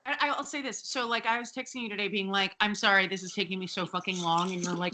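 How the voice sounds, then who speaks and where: A woman co-hosting a podcast in casual chat, sarcastic and animated, swearing freely. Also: mid-range voice, fast, few pauses, slight background noise, low-quality recording. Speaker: podcast co-host.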